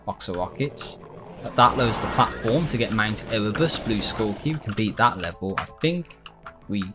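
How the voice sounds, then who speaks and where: A man talks his way through a video game in a loose, rambling way, often stopping to correct himself and cursing when things go wrong. His voice sits a little low but swings widely in pitch. Game music plays clearly underneath. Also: lively intonation, normal speed. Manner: rambling, self-correcting, swearing in bursts of frustration. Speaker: gaming YouTuber. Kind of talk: casual gameplay commentary.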